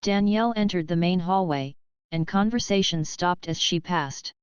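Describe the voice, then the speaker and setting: Woman narrating a story, smooth lower voice. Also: moderate pace, no room sound. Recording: dry, slightly dull lo-fi.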